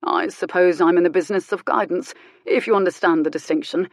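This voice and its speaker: Lady reading as a young country vicar, mild and blunt, low-key and dry, close and dry recording. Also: a little fast, dry recording, lightly acted. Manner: mild, blunt, quietly commanding.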